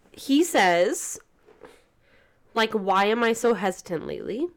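A woman's voice: medium pitch, lively intonation, slow. Earnest woman reading out messages. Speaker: podcast co-host. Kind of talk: casual chat, reading messages aloud.

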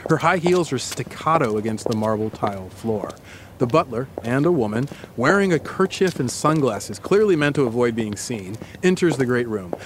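A man's voice: mid-range voice, a little hiss or hum. A male podcast host telling a dramatic story to his co-host in the second person. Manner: dramatic, builds scenes.

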